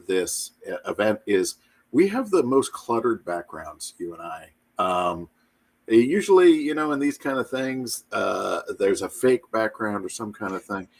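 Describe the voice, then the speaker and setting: A man co-hosting a live stream over a video call, joking in a lively way with frequent fillers. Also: lowish voice, breathy edge. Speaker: co-host, illustrator and arts educator. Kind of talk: casual live-stream chat.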